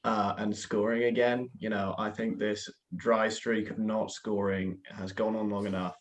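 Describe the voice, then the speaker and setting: A man's voice: lowish voice, flat delivery, a little slow. A man from Britain on a soccer podcast panel, speaking over a video call. His tone is wry and teasing. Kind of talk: casual roundtable chat.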